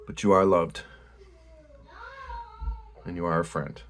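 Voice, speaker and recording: A man's voice: low-pitched, flat delivery, takes it slowly. A laid-back Australian man hosting a casual card-opening video, talking bluntly with the odd swear word. Faint noise sits under his voice. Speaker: host.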